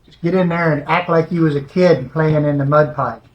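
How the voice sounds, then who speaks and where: A man's voice: on the high side, steady tone, normal speed, dull audio. A man hosting a home cooking video, talking the viewer through a recipe in a folksy, chatty way from his kitchen. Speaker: home cooking show host. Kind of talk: casual cooking demonstration. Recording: echoey room.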